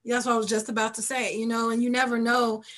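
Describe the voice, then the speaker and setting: Woman host, slightly high, halting. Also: level tone, fairly bright tone. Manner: halting, with many ums. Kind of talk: casual interview chat.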